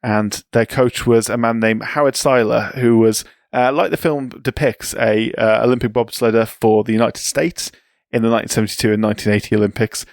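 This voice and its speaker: A man co-hosting a podcast, telling sports history in a relaxed, chatty way with asides. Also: medium pitch, fairly quick, gravelly, dry recording, studio quality. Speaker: podcast co-host. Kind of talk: casual chat.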